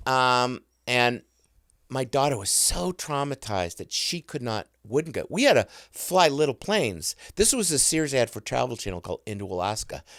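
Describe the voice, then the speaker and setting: Lively middle-aged man telling stories. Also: on the high side, dry recording, clean studio sound. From United States. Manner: excitable, self-interrupting, mimics sounds. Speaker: guest. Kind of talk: animated storytelling.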